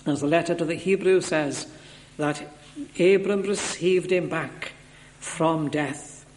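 High-voiced earnest male preacher. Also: darkish tone, slight background noise. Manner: earnest, measured, emphatic repetition. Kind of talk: expository sermon.

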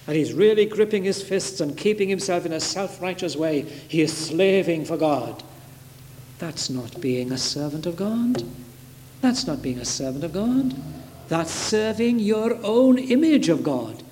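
High-pitched preacher guy hammering his points again and again, big churchy echo. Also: expressive, unhurried, darkish tone. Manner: emphatic, repeating key phrases with rising force. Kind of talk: sermon. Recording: reverberant hall with faint noise.

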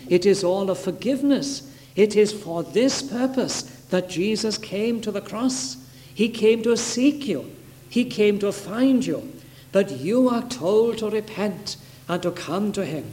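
A man's voice: high-pitched, darkish tone. A man preaching a sermon with emphatic, repeated phrases that build in force. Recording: reverberant hall with faint noise.

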